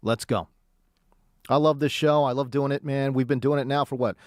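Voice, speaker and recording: A man hosting a sports radio show, hyped and jokey, swinging between loud bursts and calm stat talk. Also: mid-range voice, normal speed, no echo, studio quality.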